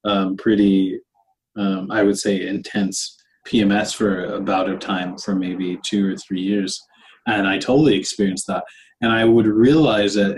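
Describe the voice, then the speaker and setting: A man's voice: lowish voice, darkish tone, poor audio. A man co-hosting a podcast, talking reflectively in casual conversation and often answering with "right". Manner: reflective, with frequent "right" backchannels and laughter. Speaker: podcast co-host.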